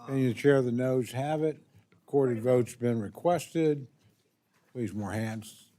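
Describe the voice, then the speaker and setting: A man chairing a committee, running the votes in brisk, formulaic procedural language. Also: medium pitch, dark tone.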